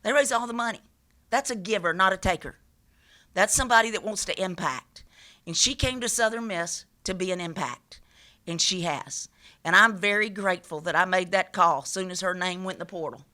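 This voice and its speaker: A woman's voice: fairly low pitch, a little fast, bright, forceful tone. A woman head coach speaking at a press conference, emphatic and passionate, repeating her key points.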